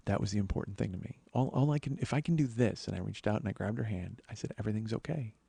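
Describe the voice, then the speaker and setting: A man hosting a podcast, telling a personal story in a storytelling monologue, swearing often and getting louder and higher when worked up. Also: fast talker, creaky, breathy edge, dry recording. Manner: profane, excitable, voice rising when worked up. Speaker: podcast host.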